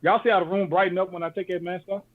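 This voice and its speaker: A man gives casual motivation on a podcast, his voice slightly high. He speaks in loose slang and drops "man" into almost every line. The sound is tinny and phone-like. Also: flat delivery, very fast, a little hiss or hum. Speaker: podcast co-host.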